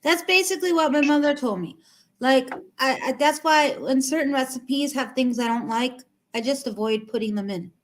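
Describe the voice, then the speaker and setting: High-voiced woman with a Chicago accent. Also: moderate pace. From Chicago suburbs. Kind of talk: casual chat.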